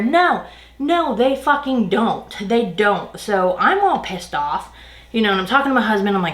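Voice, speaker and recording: A beauty vlogger with a mid-range voice speaks at a normal pace in a roomy-sounding space. While doing her makeup for a casual storytime, she vents about an exasperating work situation, ranting through an animated retelling.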